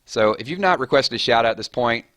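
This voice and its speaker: A man's voice: mid-range voice, lively intonation, fairly bright tone, no echo, studio quality. A man hosting a casual live stream, rattling off chat names and thanking viewers. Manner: rapid-fire, chatty, reading names off chat.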